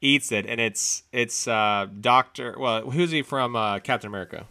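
Bright-voiced man rambling about movies. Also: medium pitch, moderate pace. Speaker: podcast co-host. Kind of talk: casual movie chat.

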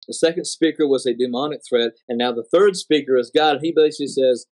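A man recounting a prophetic dream in a halting, dramatic way, repeating words and slowing for emphasis. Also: on the high side. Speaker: dream narrator.

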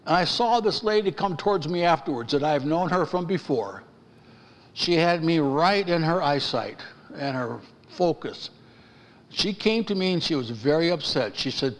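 Male pastor preaching, high lively voice, gets loud and fired up, long echo in the church. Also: normal speed. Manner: excited, raises his voice and pounds the pulpit. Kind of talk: sermon. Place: church sanctuary. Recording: church hall with long reverb.

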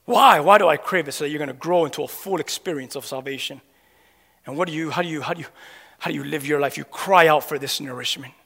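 A man's voice: fairly high pitch, quick pace, gravelly, fairly bright tone. A man preaching a sermon as a pastor, throwing questions at the congregation and waiting for them to answer. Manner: emphatic call-and-response questioning. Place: church sanctuary. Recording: long hall reverb.

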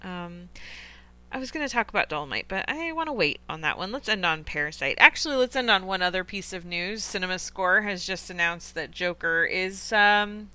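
A young woman hosts a film podcast in a relaxed, chatty way. She is eager and opinionated, with plenty of fillers. Her voice is bright and sits a little low. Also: moderate pace, smooth. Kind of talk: casual film review chat.

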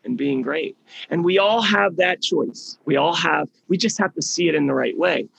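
A man's voice: on the high side, normal speed, gravelly, a bit bright, husky. A middle-aged man leading a healing program, giving a motivational talk with emphatic storytelling and words repeated for stress.

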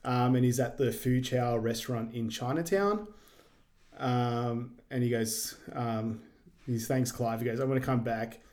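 Man casually retelling a movie. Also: mid-range voice. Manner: relaxed, many "um" pauses while retelling. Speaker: podcast co-host. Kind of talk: casual movie recap chat.

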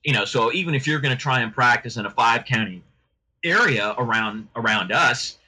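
A man's voice: medium pitch, animated, brisk, pushed and bright, slightly rough, low-quality recording. A middle-aged man, a lawyer, talking as a podcast guest in a rambling, chatty way with frequent restarts. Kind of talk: casual podcast interview.

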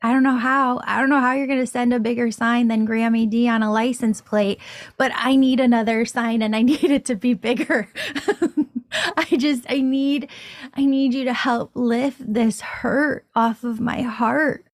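Animated woman telling a story. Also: fairly high pitch, measured pace, no echo, studio quality. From Florida. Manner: animated, excitable, laughs while telling. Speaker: podcast host. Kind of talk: casual storytelling monologue.

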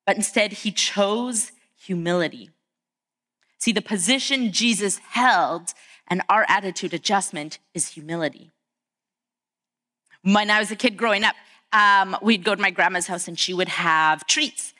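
Bright-voiced woman pastor preaching. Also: mid-range voice, measured pace. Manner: storytelling, acts out quoted family voices. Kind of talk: conversational sermon.

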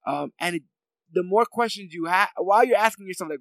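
A man's voice: high voice, a little fast, fairly bright tone, no echo, poor audio. A man in casual chat, rambling with many fillers and laughs as he talks through a favorite scene.

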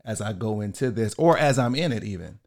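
A man's voice: fairly low pitch, expressive, fairly quick, darkish tone. A man co-hosting a relationship podcast, talking loosely and thinking aloud with plenty of fillers and restarts. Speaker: podcast co-host. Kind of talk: casual conversation on marriage.

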